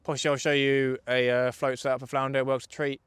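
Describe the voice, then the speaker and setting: Out on a riverbank, a young man from England fishes on a livestream, chatting casually, joking and responding to viewer questions. He has a mid-range, fairly bright, smooth voice with flat delivery at a fast pace, in a dry recording.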